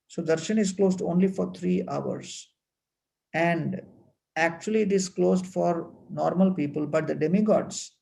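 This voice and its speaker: A man giving a devotional talk, explaining temple wonders in an unhurried way with frequent fillers. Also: a little high, gravelly, warm tone, low-quality recording. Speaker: temple speaker.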